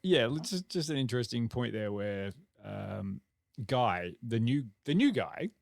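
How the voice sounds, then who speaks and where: A man hosting a podcast, talking in a rambling, halting way full of restarts. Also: mid-range voice, very animated, vocal fry, no echo, clean studio sound. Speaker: podcast host. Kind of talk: casual chat.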